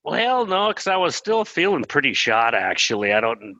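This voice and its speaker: A middle-aged man, an interview guest, telling a personal story in an earnest, plainspoken way and pausing when moved. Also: on the high side, sing-song, pushed and bright, no echo, dull audio.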